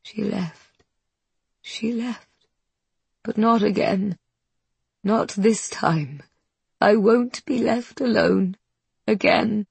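A woman reading the part of a grieving old queen who speaks slowly, with an almost childlike voice. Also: medium pitch, vocal fry, husky, no echo, voice pushed up, heavily acted. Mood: sorrowful. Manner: slow, sighing, almost childlike. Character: mournful old Queen weaving at a loom.

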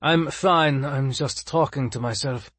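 A man's voice: mid-range voice, a little slow, a bit bright, husky, no echo, pitched above the performer's own voice. A man voicing a tired, ailing male scientist who talks in a strained, defensive way. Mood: dismissive. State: strained, weak. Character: ailing, weary male scientist, stubborn and secretive.

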